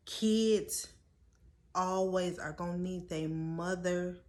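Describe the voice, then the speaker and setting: A young woman speaks slowly and deliberately in a storytime vlog, her voice sitting a little low. She sounds earnest and close to tears, pleading with her viewers. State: holding back tears. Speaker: vlogger.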